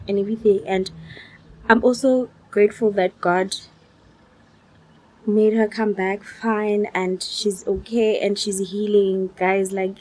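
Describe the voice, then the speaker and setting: A woman's voice: mid-range voice, dark tone. A young woman, tired, chatting casually to her vlog audience and dropping in Sesotho phrases. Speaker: vlogger.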